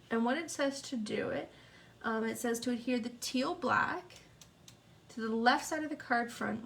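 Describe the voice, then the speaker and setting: During a live card-making lesson, a papercraft instructor with a high-ish, gravelly voice chats with viewers as she works. She is sniffling and hiccupping, and there is slight background noise.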